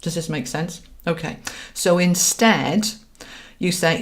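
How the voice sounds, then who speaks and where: A middle-aged woman speaks to viewers of a live stream as a spiritual coach. Her voice sits low, and she talks in an earnest, guiding way, often stopping to ask "all right?" or "okay?". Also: slow pace.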